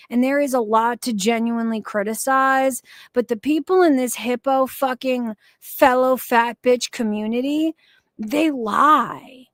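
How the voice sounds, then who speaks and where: Woman streamer, heated profane rant, high voice, slow deliberate delivery, dry close sound. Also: dry recording. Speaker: commentary streamer. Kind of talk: angry live-stream commentary.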